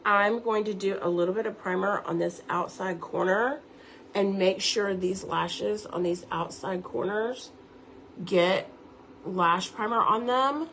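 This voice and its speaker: A woman's voice: mid-range voice, unhurried, a bit bright, slight background noise. A woman giving a chatty live makeup tutorial at home, talking viewers through each step. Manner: chatty, instructive, addresses viewers directly. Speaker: makeup seller and beauty teacher.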